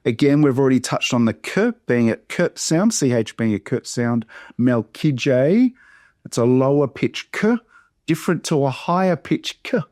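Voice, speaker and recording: A man with an Australian accent, a pastor teaching how to read hard biblical names aloud, sounding each one out slowly and deliberately. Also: mid-range voice, animated, darkish tone, no room sound, clean studio sound. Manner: slow, deliberate syllable-by-syllable modelling. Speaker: pastor teaching Bible reading. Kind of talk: workshop teaching pronunciation.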